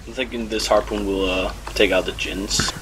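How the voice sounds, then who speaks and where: A man in casual game voice chat who thinks aloud hesitantly, with many pauses and fillers. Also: on the low side, steady tone, background noise. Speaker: game player.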